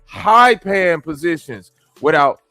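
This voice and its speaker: A man's voice: on the high side, lively intonation, takes it slowly, bright, forceful tone, faint music behind. A man from the American Midwest hosting a stream, reacting to clips and talking to his chat in blunt, profane slang. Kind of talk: casual commentary with chat.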